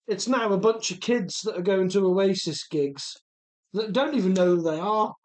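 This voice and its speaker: A man's voice: high voice, normal speed. A middle-aged man from Telford, chatting casually while repairing a remote-control car and reading out viewer comments. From Telford, English Midlands. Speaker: RC car channel host.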